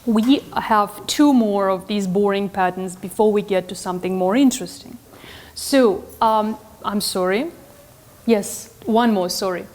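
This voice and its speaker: A woman's voice: mid-range voice, a little slow, a little mellow. A woman teaching a class in a classroom, earnest and full of "um" and self-corrections. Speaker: instructor. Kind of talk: classroom lecture.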